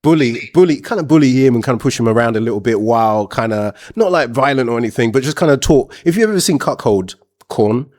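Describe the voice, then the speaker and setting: A man's voice: mid-range voice, animated, fast, darkish tone. A man hosting a show, telling a frank personal story in a blunt, rambling, casual way.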